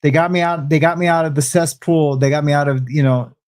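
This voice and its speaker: Halting man telling his story. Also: on the high side, steady tone, a little mellow, smooth. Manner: halting, restarts often, frequent fillers. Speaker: guest sharing testimony. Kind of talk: casual conversational storytelling.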